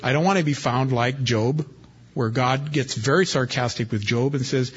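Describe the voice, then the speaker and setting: A man's voice: mid-range voice, moderate pace, breathy edge. A male pastor preaching an expository sermon in a folksy, country-preacher manner, reading scripture aloud and then explaining it. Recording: dull lo-fi recording.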